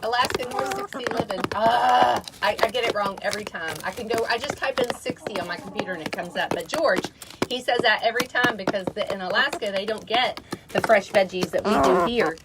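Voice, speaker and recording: A woman's voice: mid-range voice, a little fast. A chatty, cheerful woman, vlogging outdoors by her chicken coop. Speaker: homesteading vlogger. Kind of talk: casual vlog chat. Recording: loud outdoor noise behind.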